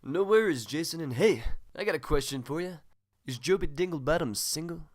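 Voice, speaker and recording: A man's voice: fairly high pitch, expressive, brisk, lightly acted. A man playing a smug, self-obsessed host of a spoof news show, with cheesy, boastful anchorman patter. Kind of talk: comedy sketch acting.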